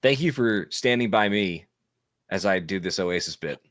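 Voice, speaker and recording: A very low-pitched man chatting through a live tennis match, joking and riffing with his co-host. His voice sounds dry and close to the mic, with no room around it. He talks like a relaxed, playful commentator. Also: no room sound. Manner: playful, jokey, quick to riff. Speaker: watchalong co-host. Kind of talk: casual live commentary chat.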